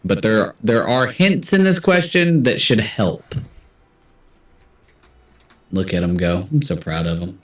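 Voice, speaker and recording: A man's voice: fairly low pitch, animated, slow pace, long pauses, echoey room, distant mic. A man hosting a casual livestream trivia game, chatty and self-deprecating as he reads out answers. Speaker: trivia host.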